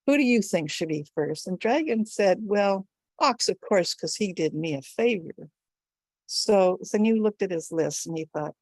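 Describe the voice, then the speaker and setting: A woman's voice: fairly low pitch, expressive, a little slow, a little mellow, no room sound. A woman storyteller telling a folktale live at an online gathering, jumping her voice up for the animal characters. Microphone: video call.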